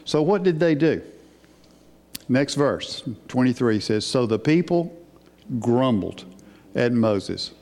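A man delivers a sermon in a mellow, relaxed voice, emphatic and unhurried, often putting questions to his listeners. His voice carries a long reverb from a large church hall. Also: medium pitch. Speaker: preacher.

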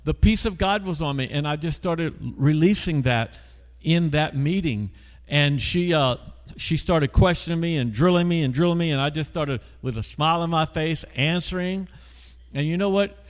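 A man's voice: a little high, moderate pace. Man preaching in a reverberant church. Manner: storytelling, asks the congregation questions. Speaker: pastor. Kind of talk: conversational sermon.

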